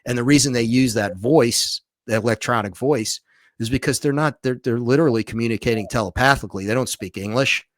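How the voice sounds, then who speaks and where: A man's voice: medium pitch, brisk, no room sound, studio quality. A man, a documentary filmmaker and author, recounts a story as a podcast guest, restarting and repeating himself as he goes. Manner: animated retelling with frequent restarts and repeats.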